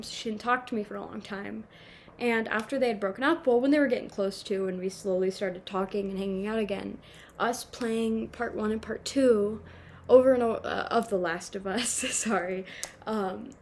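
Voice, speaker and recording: A nineteen-year-old vlogger chats casually to her camera at home, rambling, swearing and making fun of herself. Her medium-pitched voice is a little mellow, picked up by the camera mic with slight background noise.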